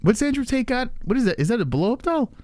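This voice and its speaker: Lively, crude man mocking a clip. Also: extremely high pitch, quick pace, no echo. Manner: crude, mocking, laughs often. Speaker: livestream host. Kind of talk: casual reaction commentary.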